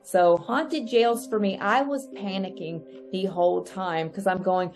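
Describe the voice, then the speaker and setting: A woman guesting on a podcast, telling a ghost-hunting story in a lively, chatty way and acting out her own reactions. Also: measured pace, hardly any pauses, faint music behind. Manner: lively, acts out her own reactions with sharp rises in pitch. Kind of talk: animated storytelling in a casual chat.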